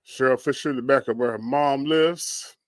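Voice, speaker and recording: A man from Florida hosting a livestream and commenting on storm damage photos, murmuring hushed, prayerful exclamations between his remarks. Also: medium pitch, moderate pace, dry recording. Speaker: livestream host.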